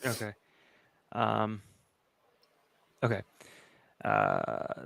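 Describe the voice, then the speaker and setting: A man's voice: fairly low pitch, normal speed, gravelly, a bit bright, no room sound. A man co-hosting a casual live recap show, reading aloud and joking in playful asides. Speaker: co-host of a trial recap show. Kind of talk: casual live-stream chat.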